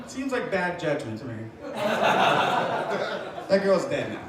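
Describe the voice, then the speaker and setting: High, lively stand-up comedian in a club. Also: male voice, unhurried, pauses often, slight background noise. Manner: deadpan dark jokes, acts out voices. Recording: echoey club from far off, crowd laughing. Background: audience laughter.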